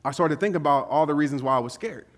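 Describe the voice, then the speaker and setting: High-voiced guy on stage, chatty motivational keynote, laughs a lot, acts out every quote. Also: fast talker. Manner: animated, conversational, acts out quotes, laughs often. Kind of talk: storytelling keynote speech. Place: conference stage before a live audience.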